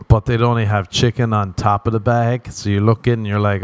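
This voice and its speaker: A man rambles through a solo podcast, cracking jokes, swearing freely and drifting from one tangent to the next. His voice sits low with a mellow, dark tone. The sound is dry and close, with no room in it. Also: steady tone, a little fast, hardly any pauses, clean tone, no echo. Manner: rambling, joking, swears often, laughs at himself. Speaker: podcast host. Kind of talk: casual solo podcast monologue.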